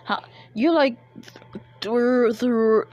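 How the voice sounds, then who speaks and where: A woman voicing a friendly male ninja teacher, upbeat and a bit higher than her own voice. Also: very slow, darkish tone, dry recording, dull audio.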